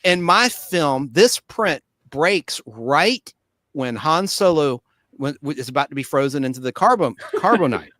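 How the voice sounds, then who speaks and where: A man in his forties with a bright, forceful voice, telling stories with lively animation and popping into squeaky voices for the people in them. The sound is dry and close, with no room echo. He talks casually, like a host among friends. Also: measured pace. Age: 40s. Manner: animated storyteller, acts out quotes in squeaky voices. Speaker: podcast host. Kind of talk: casual storytelling chat.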